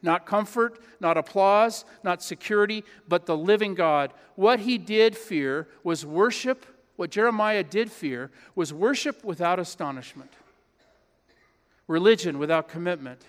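A man's voice: high-pitched, a little slow. A pastor preaching a sermon in his church, earnest and emphatic, repeating key phrases. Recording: long hall reverb.

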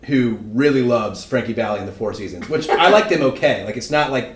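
A man's voice: mid-range voice, expressive, fairly quick. A young man co-hosting a podcast, talking in a rambling, easygoing way. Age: young adult. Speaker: podcast co-host. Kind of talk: casual chat. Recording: echoey room.

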